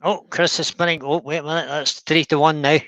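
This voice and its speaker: A man co-hosting a woodturning livestream, chatty and upbeat as he reads viewers' comments and cheers them on. His voice is bright and forward, at a middle pitch for a man. The recording is dry and close. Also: flat delivery, fairly quick, no echo. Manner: chatty, enthusiastic, laughing. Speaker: livestream co-host reading the chat. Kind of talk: casual livestream chat.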